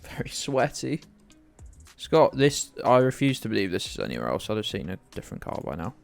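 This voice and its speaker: A man's voice: lowish voice, sing-song, a little fast, gravelly, soft background music. Self-mocking British man streaming. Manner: rambling, self-mocking, chatting to viewers. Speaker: game streamer. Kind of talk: casual live-stream commentary.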